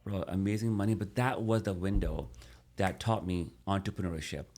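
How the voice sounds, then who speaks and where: A man's voice: deep voice, fairly even intonation, moderate pace, darkish tone. A middle-aged man, a podcast guest, telling his life story casually and animatedly, calling the host "bro".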